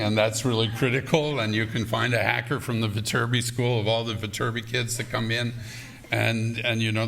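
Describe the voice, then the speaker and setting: A man making an announcement at a student assembly, halting with many fillers. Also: fairly low pitch, creaky, a bit bright, slight background noise. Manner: halting, filler-heavy talk.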